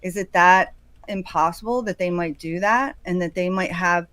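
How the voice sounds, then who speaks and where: A woman hosting a true-crime commentary, talking in a speculative, conversational and often hushed way. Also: lowish voice, normal speed, no echo, low-quality recording. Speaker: host.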